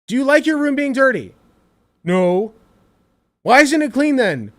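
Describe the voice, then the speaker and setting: A man with a high voice that swings wildly up and down, ranting through reaction commentary. He swears freely and sounds exasperated, bursting out loud and then dropping low. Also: unhurried. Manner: animated, profane, exasperated ranting. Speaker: streamer reacting to a clip.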